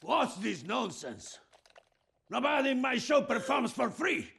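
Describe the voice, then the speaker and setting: A man's voice: very high-pitched, very animated, a little slow, gravelly, very noisy, full character voice. An actor playing a greedy, bullying male puppet showman with a blustering, wheedling manner. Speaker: puppet show owner.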